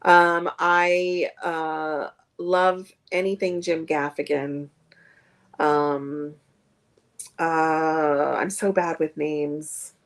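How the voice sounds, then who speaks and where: A woman's voice: deep voice, fairly even intonation, drawn-out words, clean tone. A woman comedian chatting as a guest on a streamed video call, rambling with many fillers. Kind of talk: casual interview chat.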